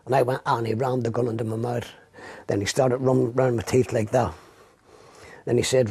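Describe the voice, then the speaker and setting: A man's voice: mid-range voice, little pitch movement, normal speed, long pauses, darkish tone, husky, no room sound. A man giving documentary testimony about his arrest, vividly acting out what others said to him. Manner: vivid storytelling, acts out quoted speech. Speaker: interviewee recounting his arrest.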